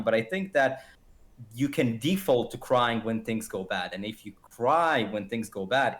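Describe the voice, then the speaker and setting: A man on a podcast arguing his view emphatically, acting out little quoted exchanges as he goes. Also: medium pitch. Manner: emphatic, animated, acts out quotes. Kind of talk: casual debate.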